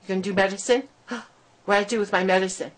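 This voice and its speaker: A woman's voice: mid-range voice, fairly even intonation, quick pace. A woman at home coaxing her pet in sing-song baby talk, with frequent gasps and laughs. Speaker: pet owner talking to her bird. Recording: noisy home camera recording.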